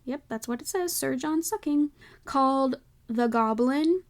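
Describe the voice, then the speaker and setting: A young woman with a light Southern American accent hosts a casual solo podcast, speaking in a high voice at a measured pace. She's chatty, uses lots of "like" fillers, and keeps checking herself with little asides.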